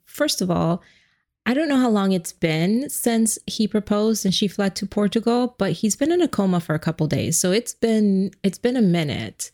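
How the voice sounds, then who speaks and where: A woman's voice: mid-range voice, moderate pace. A woman co-hosting a podcast, chatting casually and laughing often as she retells a movie. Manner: giggly, animated retelling. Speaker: podcast co-host. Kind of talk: casual chat recapping a movie.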